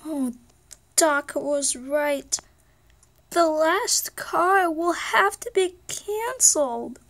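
A woman plays a sweet lady car who fusses gently and repeats herself to soothe. Her voice is high and slow. It sounds like a homemade toy story. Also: lively intonation, heavily acted. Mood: alarmed. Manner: soft, reassuring repeats. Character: sweet, fussing female car. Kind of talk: toy car play-acting.

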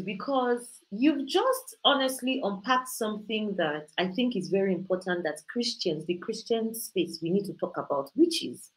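A woman's voice: medium pitch, fairly bright tone, rough recording. Host: a fervent woman giving a faith talk on a video call, emphatic. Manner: impassioned and preachy, rising to emphatic peaks. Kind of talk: faith-based motivational talk.

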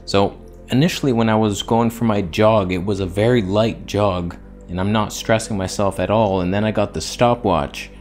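A man's voice: on the low side, steady tone, moderate pace, darkish tone, soft background music. A man vlogging in a casual, rambling, self-mocking way while in back pain. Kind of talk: casual vlog monologue.

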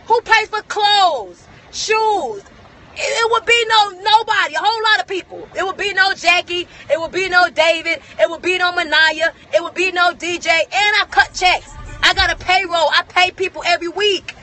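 Emphatic high-voiced woman ranting in a car. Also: moderate pace, bright, forceful tone, slight background noise. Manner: emphatic, repetitive, preachy. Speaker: vlogger. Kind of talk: motivational rant in a car.

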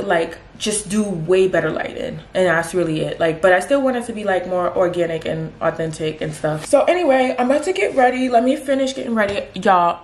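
A woman in her twenties chatting casually in a vlog while she gets ready at home, with animated, slangy, dramatic storytelling. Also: mid-range voice. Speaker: vlogger. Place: at home doing makeup. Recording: roomy echo.

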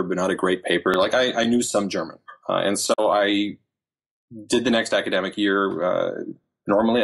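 Husky-voiced man telling a lively story. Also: on the low side. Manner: animated storyteller, quick asides with laughs. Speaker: podcast guest. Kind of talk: casual interview chat.

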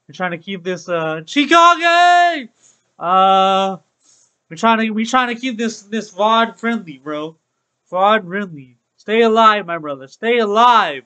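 A man's voice: sits high, sharp tone, rough recording. A young man streaming a game, chatting upbeat with his viewers and repeating phrases like "bro". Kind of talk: casual Let's Play commentary to live chat.

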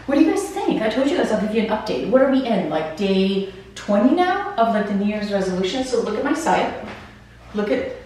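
A woman's voice: mid-range voice, recorded from a distance. Woman, 30s, chatty home vlogger; roomy sound, a little off-mic, faint background hum. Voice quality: chatty, animated, addresses viewers directly. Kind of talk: casual vlog chat. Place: house interior.

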